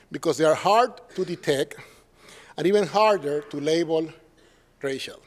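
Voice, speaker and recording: A professor from Puerto Rico, speaking with a Puerto Rican Spanish accent, delivers an academic symposium talk in a slightly high voice. He keeps the tone conversational, throwing in quick tag questions and acting out the people he quotes.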